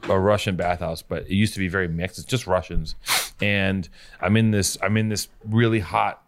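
A man's voice: low-pitched, steady tone, normal speed, slight background noise. A man telling a long, rambling, profane story in casual chat, often cutting himself off and starting over.

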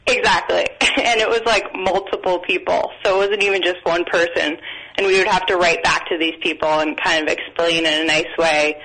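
A woman sitting in as a regular on a talk show, answering briefly with an easygoing, amused air. Her voice has a bright, sharp edge. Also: fairly low pitch, steady tone, brisk, rough recording. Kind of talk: casual talk-show banter.

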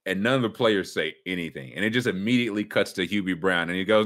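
A man's voice: sits low, fast talker, hardly any pauses. A man hosting a casual sports talk show, talking loosely and slipping into mock voices. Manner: loose, animated, drops into mock voices and impressions. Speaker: podcast host.

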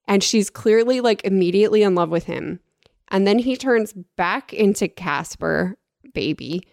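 A woman's voice: mid-range voice, a little slow, creaky, a little mellow, no echo, studio quality. A woman co-hosting a casual chat, playful and emphatic, holding her ground in debate.

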